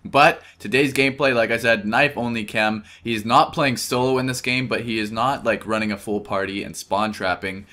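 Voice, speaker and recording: Young male commentator, lowish pitch with a bright edge, rambling and self-correcting as he tells a story. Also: normal speed, hardly any pauses. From Canada. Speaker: gameplay commentator. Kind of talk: casual storytelling over gameplay.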